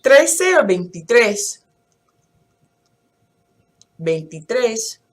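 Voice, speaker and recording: A woman teacher leads a language lesson at an unhurried pace, speaking slowly and deliberately. She explains in English, then counts and quizzes numbers aloud with clear, careful pronunciation. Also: on the high side, sing-song. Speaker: Spanish teacher.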